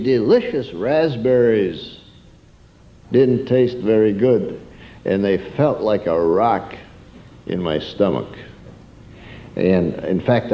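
A man's voice: medium pitch, lo-fi sound. A man preaching a sermon through a homespun childhood story, turning to ask his listeners questions.

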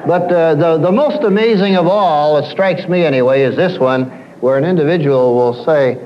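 A man's voice: a little high, moderate pace, dull audio, a little hiss or hum. A man giving a lecture to an audience as a counselor, telling stories and acting out what his clients say. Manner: animated storyteller, acts out quoted clients.

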